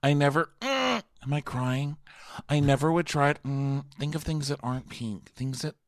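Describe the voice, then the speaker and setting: A man putting on a mocking, whiny high falsetto to play a gushing, teary woman from a reality show. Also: normal speed, a bit bright, clear, resonant tone, no room sound, studio quality, close to an everyday voice.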